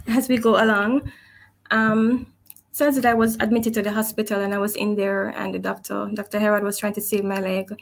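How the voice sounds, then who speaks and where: A woman sharing a personal testimony in an earnest, reflective way, with soft laughs here and there. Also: medium pitch. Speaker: guest sharing her testimony.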